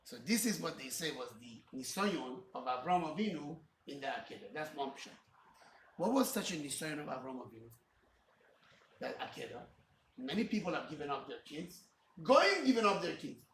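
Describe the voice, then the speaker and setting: Male rabbi, high and animated, acting out scripture dialogue; echoey hall, mic at a distance. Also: brisk, a little hiss or hum. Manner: animated, acts out dialogue with God; mixes Hebrew and Yiddish terms into English. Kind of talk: Torah class. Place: study hall. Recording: roomy, from a distance.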